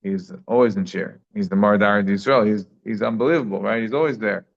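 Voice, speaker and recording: A man's voice: lowish voice, brisk, creaky. A man giving a daily Talmud class in a conversational way, thinking aloud with frequent restarts. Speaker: Talmud teacher. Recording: slightly dull lo-fi sound.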